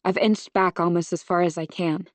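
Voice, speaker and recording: A woman reading a suspense novel aloud in first person, measured and close to the microphone. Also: fairly low pitch, steady tone, no echo. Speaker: audiobook narrator.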